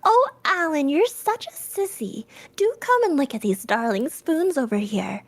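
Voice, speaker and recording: A woman's voice: sits high, expressive, unhurried, voice pushed up. A woman voicing a giddy, teasing young bride-to-be in a storybook reading. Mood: gushing. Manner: gushing, teasing.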